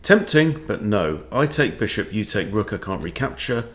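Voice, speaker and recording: A man's voice: on the low side, sing-song, moderate pace. A man who coaches chess, thinking aloud as he plays and talking to himself with wry asides. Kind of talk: thinking-aloud game commentary.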